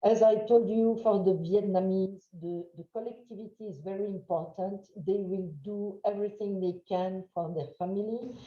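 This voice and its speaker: A woman with a French accent giving a webinar lecture, halting with many fillers and checking in with "huh?". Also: mid-range voice, fairly even intonation. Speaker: webinar trainer. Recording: roomy, dull lo-fi sound.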